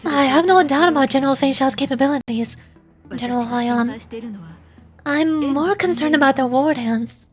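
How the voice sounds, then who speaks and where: A woman's voice: high-pitched, moderate pace, over music, lightly acted. A woman voicing a worried female fleet commander, speaking earnestly. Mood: concerned. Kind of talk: fan voice acting of a game script.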